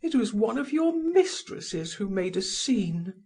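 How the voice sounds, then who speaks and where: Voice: big pitch swings, unhurried, darkish tone. A single audiobook reader voicing a desperate, lovesick middle-aged society woman in a raised, pleading voice. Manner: pleading, high-pitched and breathy. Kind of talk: audiobook character voice.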